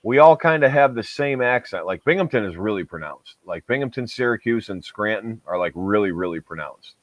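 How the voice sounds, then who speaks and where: A man's voice: lowish voice, expressive, fairly quick, no echo. Casual co-host, man, upstate New York accent, rambling chat, dull dry lo-fi recording. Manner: rambling, self-interrupting. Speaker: podcast co-host.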